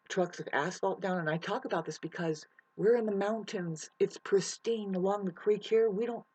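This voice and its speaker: A husky-voiced vlogger rants to camera outdoors by a mountain creek. The talk rambles, swears freely and runs hot with emotion. The sound is close and dry, with no room echo. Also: mid-range voice. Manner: emotional, profane, restless. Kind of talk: rambling ranting monologue to camera.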